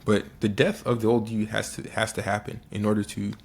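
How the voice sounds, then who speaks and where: A young man with a fairly low voice talks straight to the listener in a casual motivational monologue. He is earnest and repetitive, restarting phrases and saying key lines twice to drive them home. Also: level tone, fairly quick, gravelly, slight background noise. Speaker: motivational speaker.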